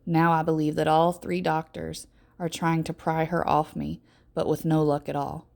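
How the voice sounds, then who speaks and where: A teacher reading a first-person novel aloud to her class in steady, measured narration. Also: sits low, vocal fry.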